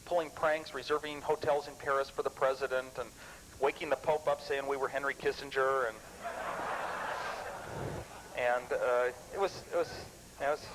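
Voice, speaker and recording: A man in his thirties tells stories to a club audience, lively and animated, tumbling through restarts as he goes. His voice sits at an ordinary middle pitch. A faint hiss of noise runs underneath. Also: normal speed, long pauses. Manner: lively storyteller, animated and chuckling; rambling with frequent restarts. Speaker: guest speaker at a computer club. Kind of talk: anecdotal talk to a live audience.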